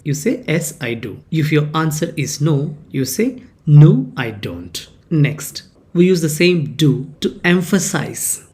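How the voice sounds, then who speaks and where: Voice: mid-range voice, darkish tone. A teacher gives a grammar lesson. The teacher explains each point, then reads the example sentences aloud with stress and repeats them. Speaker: English teacher.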